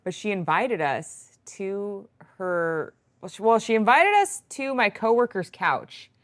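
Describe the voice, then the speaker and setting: A woman's voice: medium pitch, expressive, a little slow. Rambling, chatty woman telling a story. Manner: rambling, full of "like" fillers, quoting herself. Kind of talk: casual chat, storytelling.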